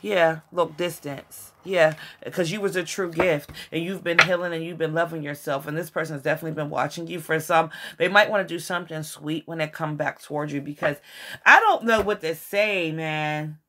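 A woman giving a casual tarot reading to her viewers, excitable and swearing often as she talks to them directly. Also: deep voice, moderate pace, a little hiss or hum. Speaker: tarot reader.

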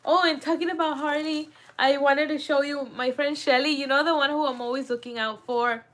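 A woman with a high, bright-sounding voice talks straight to her viewers on a live stream. She is chatty and emotional and laughs often, in an easy, casual way. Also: steady tone, a little fast. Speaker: vlog host.

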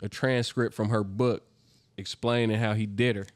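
A man's voice: fairly low pitch, fairly even intonation, normal speed, no echo. Young man, podcast host, loose casual chat, dry close mic. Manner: loud, rowdy, laughing, swears freely. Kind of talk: casual chat, reading excerpts aloud.

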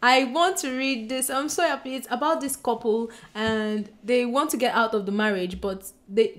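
A woman chatting excitedly to her camera as a book vlogger, bubbly and giggly, gushing as she goes. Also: mid-range voice. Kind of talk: excited casual vlog chat. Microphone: compact camera mic.

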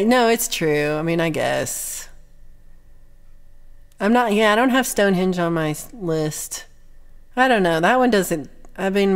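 A young woman chatting casually with her livestream viewers, reading their comments aloud in a rambling, playful way with lots of ums and little laughs. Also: medium pitch.

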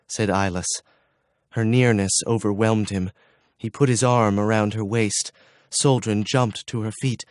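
A man reading fantasy audiobook narration in a measured, even storytelling manner on a close mic. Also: lowish voice, no echo. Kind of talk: scripted narration.

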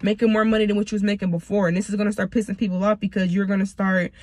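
A woman's voice: mid-range voice, flat delivery, very fast, a little mellow, no room sound, studio quality. A woman in her twenties from Michigan, doing a casual tarot reading, blunt and profane, talking to viewers as y'all while she is sick. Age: 20s. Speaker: tarot reader.

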